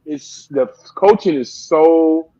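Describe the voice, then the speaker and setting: A man in his late thirties talks in a raised, high voice, restarting his sentences and piling on examples. The sound is a little dull and lo-fi, like a modest home setup. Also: slow pace, dry recording. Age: 30s. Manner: rambling and animated, many restarts. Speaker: youth football coach, guest. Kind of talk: casual interview chat.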